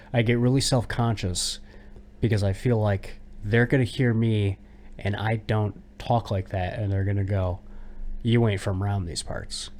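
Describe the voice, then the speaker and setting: A man's voice: on the low side, darkish tone. An American man co-hosting a casual podcast, musing in a self-deprecating, conversational way. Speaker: podcast co-host.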